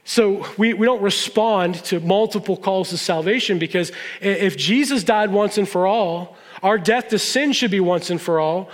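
A man's voice: high voice, normal speed, few pauses, long reverb tail. A man preaching a sermon as a pastor, conversational and emphatic, with sudden stressed phrases.

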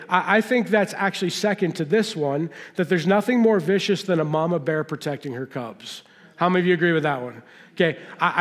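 A middle-aged man preaching a sermon, telling folksy personal stories and asking the audience questions. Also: fairly high pitch. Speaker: pastor. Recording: long hall reverb.

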